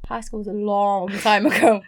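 A woman's voice: mid-range voice, level tone, moderate pace, no room sound, studio quality. A woman co-hosting a podcast, giving blunt opinions and teasing her friend in casual chat. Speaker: podcast co-host.

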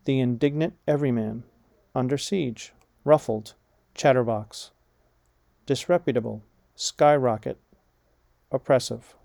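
A man slowly reading vocabulary words and example sentences aloud, deliberate and measured, spelling out punctuation like commas and hyphens. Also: mid-range voice, vocal fry, warm tone, no room sound. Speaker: vocabulary reader. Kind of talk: slow dictation of vocabulary words and phrases.

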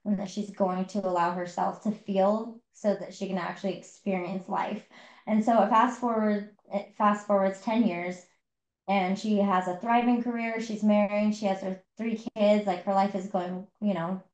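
Podcast co-host, woman, mid-pitch, talks through a book story with lots of fillers. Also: a little mellow, reverberant, low-quality recording. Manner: retelling a story with many fillers. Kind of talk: casual book discussion.

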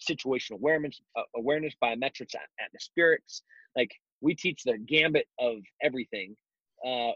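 A man's voice: medium pitch, dry recording. Blunt man, dull lo-fi sound. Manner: blunt, animated storytelling with mocking asides. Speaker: guest, self-defense instructor. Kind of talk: casual interview talk. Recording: dull lo-fi recording.

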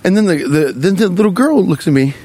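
A man's voice: high-pitched, lively intonation, fast talker, dark tone, husky. A young man casually telling a crude, rambling comic story while walking outdoors. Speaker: vlogger.

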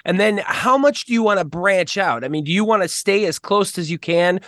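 A man's voice: sits high, fairly quick, fairly bright tone, no echo, studio quality. A man hosting a podcast interview, asking long questions and thinking aloud as he goes. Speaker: podcast host.

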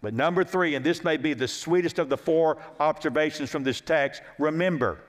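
A man's voice: on the high side, moderate pace, hardly any pauses. A male pastor preaching an expository sermon, methodically walking through chapter and verse references and repeating key lines for emphasis. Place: church sanctuary. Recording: long church hall reverb.

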